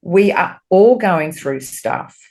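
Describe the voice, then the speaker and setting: A woman, a spiritual medium and podcast co-host, talking in a candid, expressive way in casual chat, swearing freely and getting animated when she retells her talks with spirit. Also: fairly low pitch, slow pace.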